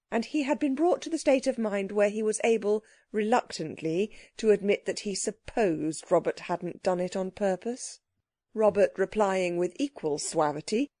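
A woman narrating a children's audiobook in a steady storytelling manner. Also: medium pitch, no echo.

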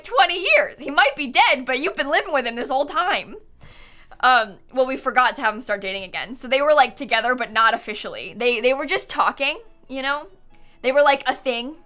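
A woman's voice: fairly high pitch, bright, forceful tone. A young woman streaming a life-sim game, chatting casually and playfully, often laughing and scolding her game characters. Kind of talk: casual live-stream chat. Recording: faint background game music.

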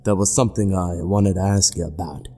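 A man doing a gruff, impatient police captain. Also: low-pitched, fairly even intonation, a little fast, mellow. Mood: pressing. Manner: blunt, demanding. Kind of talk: horror story narration voice acting.

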